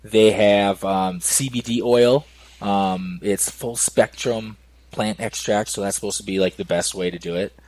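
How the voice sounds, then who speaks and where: Podcast host, man, low voice, casual and laughing, drops swear words. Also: steady tone, a little slow, darkish tone, dry recording, rough recording.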